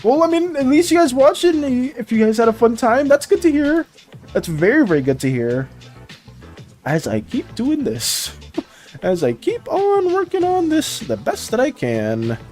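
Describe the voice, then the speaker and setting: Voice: high voice, huge pitch swings, normal speed, a little mellow, faint music behind. An art streamer chatting casually with viewers while drawing, greeting each one by name and rambling through restarts. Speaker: livestream artist chatting with viewers.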